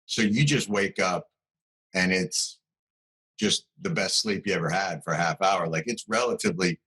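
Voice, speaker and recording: Middle-aged male guest, dry comic riffing, low register with a bright edge. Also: low-quality recording. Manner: wry, quick comic riffs. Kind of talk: casual talk-show banter.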